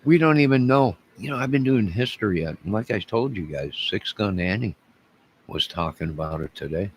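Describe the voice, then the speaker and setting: A man's voice: fairly low pitch, animated, normal speed, muffled recording, slight background noise. A man hosting his own video channel, talking in a rambling, digressive way with frequent restarts. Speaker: YouTube channel host. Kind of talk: rambling solo vlog.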